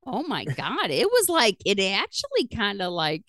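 A woman's voice: mid-range voice, huge pitch swings, normal speed, fairly bright tone, dry recording, studio quality. A middle-aged woman, hosting a podcast and telling stories in casual, profane chat, laughing as she talks. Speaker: podcast host.

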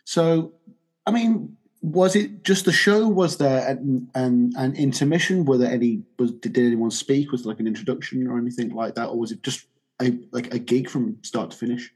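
Brief: male podcast host, slightly husky, rambling casual chat. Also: mid-range voice, normal speed, darkish tone. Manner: chatty, rambling, restarts, laughs often.

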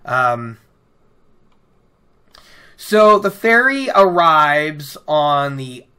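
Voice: medium pitch, very animated, drawn-out words, bright, forceful tone, clean tone. A podcast host casually recapping a fantasy book chapter with chatty, enthusiastic asides.

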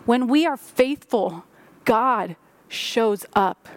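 Woman pastor, high voice, dry close sound; sermon with prayerful emphasis. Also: animated, drawn-out words, dry recording. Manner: preaching with rising and falling emphasis, prayerful.

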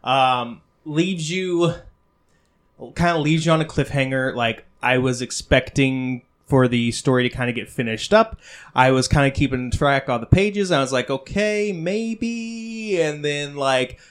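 A man's voice: mid-range voice, a little slow, clear, resonant tone. A man hosting a comics podcast, enthusiastic and casual, acting out little quotes. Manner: enthusiastic, acts out quotes with a squeal. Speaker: podcast host. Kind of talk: casual chat about comics.

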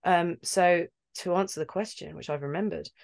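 A woman from London chats as a game-acting guest. Her voice sits a little low. She talks in an animated, rambling way and laughs between thoughts. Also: normal speed, gravelly. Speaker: video game actor guest. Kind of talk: casual interview chat.

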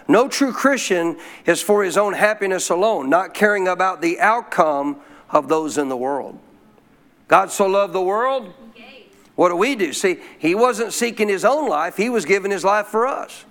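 High-pitched guy preaching, keeps asking the crowd questions, slows way down on the big points. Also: fairly bright tone. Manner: call-and-response preaching with frequent questions to the congregation; slows to stress key phrases. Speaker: pastor. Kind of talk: sermon.

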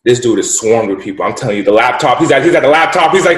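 A man's voice: medium pitch, fast talker, few pauses. A man telling a story as a guest, emphatic and profane, repeating lines for effect. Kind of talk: casual storytelling. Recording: roomy echo.

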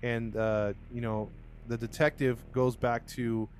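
A man's voice: medium pitch, level tone, measured pace, a little hiss or hum. A man casually retelling a crime case to co-hosts, acting out the quotes with lots of fillers and restarts. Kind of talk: casual storytelling chat.

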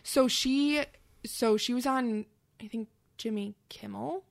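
A woman's voice: a little high, takes it slowly, vocal fry. Rambling woman in casual podcast chat. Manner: rambling, many fillers, casual swearing. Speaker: podcast co-host.

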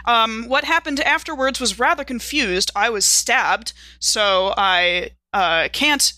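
A woman with a bright, forceful voice speaks in character at a tabletop horror game. She talks formally and stops often to hesitate. Her voice sits a little high, and the close mic sounds dry. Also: slow pace, no echo. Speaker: player. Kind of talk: in-character tabletop role-play.

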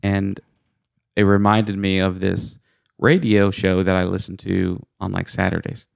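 Gravelly, goofy podcast co-host, a man. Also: deep voice, monotone, unhurried, no room sound, clean studio sound. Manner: goofy, self-mocking storyteller. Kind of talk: casual chat.

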